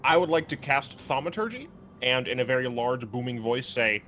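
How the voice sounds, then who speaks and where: A man's voice: medium pitch, big pitch swings, normal speed, pushed and bright, a little hiss or hum. A man playing a tabletop game, jokey and offhand. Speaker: player. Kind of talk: casual tabletop game play.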